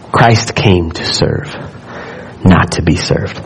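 A man's voice: low-pitched, expressive, drawn-out words, creaky, a little hiss or hum, low-quality recording. A man preaching a sermon in a church, reading scripture aloud and building in fervor as he speaks to the congregation. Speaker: pastor.

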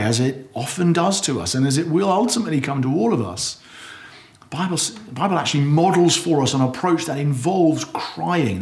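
A man preaching a sermon, earnest and conversational, acting out anguished prayers loudly. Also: a little high. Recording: echoey hall.

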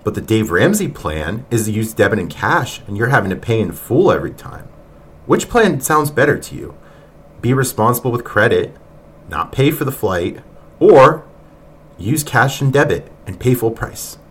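A man's voice: medium pitch, big pitch swings, moderate pace, fairly bright tone, breathy edge. A man hosting a podcast who reacts to clips in an exasperated, mocking way and laughs often. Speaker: podcast host.

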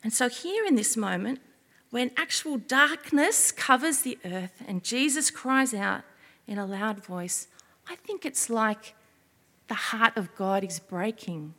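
A woman giving an expressive children's sermon as a preacher, often asking her listeners questions. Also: a little high, a little slow, in a large hall.

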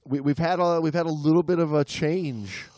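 A man's voice: a little high, normal speed, darkish tone, no echo, clean studio sound. A man co-hosting a casual podcast, rambling with many fillers and restarts. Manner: rambling, lots of you-knows, mock accents for laughs. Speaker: podcast co-host. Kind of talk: casual chat.

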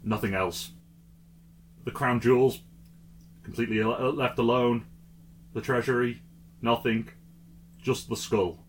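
A man's voice: mid-range voice, fairly even intonation, unhurried, long pauses, slight background noise, lightly acted. A man voicing a male tower guard in a tabletop game, giving a plain, clipped report.

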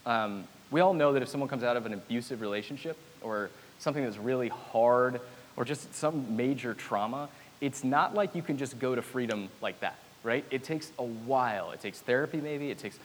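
A man's voice: medium pitch, moderate pace. A man delivers a casual, conversational sermon, dropping in nerdy self-deprecating jokes between his points. His voice carries a long reverb tail from a large hall. A faint hiss sits under the recording. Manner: casual, chatty preaching with self-deprecating humor. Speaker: pastor.

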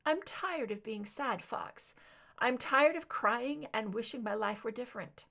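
A woman reading a story plays an older mother with a soft, weary, wistful way of speaking. Her lines rise and fall with lively intonation, turning gently teasing, in a storybook reading. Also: a little high, unhurried, gravelly, exaggerated voice. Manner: soft, wistful, tired yet warm.

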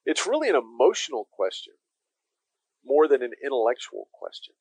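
A man's voice: medium pitch, big pitch swings, normal speed, a little mellow, breathy edge, dry recording, low-quality recording. A man preaching a conversational sermon as pastor, emphatic and speaking directly to his listeners.

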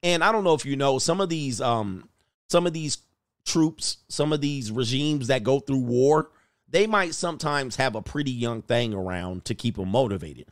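A man's voice: mid-range voice, lively intonation, moderate pace, no echo, studio quality. A man commentating on videos in a mocking, casual way, chuckling as he goes. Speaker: YouTube commentator.

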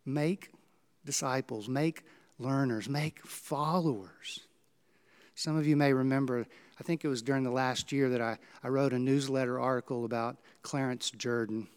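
A male pastor, preaching a sermon and telling stories with dramatic swings in pitch and volume. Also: moderate pace, smooth.

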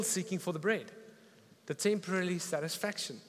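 A man preaching a sermon, retelling a story with animated, emphatic delivery. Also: fairly high pitch, normal speed. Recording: reverberant hall with faint music.

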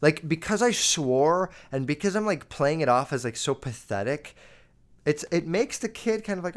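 A young man holds forth alone on his podcast in a casual, swear-filled rant. His voice sits slightly high for a man, and he hammers his points home with emphasis. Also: animated, normal speed. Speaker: podcast host. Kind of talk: solo podcast monologue.

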